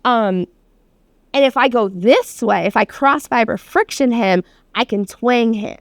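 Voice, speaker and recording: A woman's voice: on the high side, measured pace, no room sound. Casual, chatty woman teaching massage. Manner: casual, chatty, many fillers and laughs, swears. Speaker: massage therapy instructor. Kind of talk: hands-on demonstration class.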